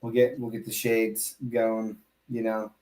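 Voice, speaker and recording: A man hosting a casual podcast, talking in an animated, emphatic way with quick asides and restarts. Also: lowish voice, echoey room. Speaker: podcast host. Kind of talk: casual crypto podcast chat.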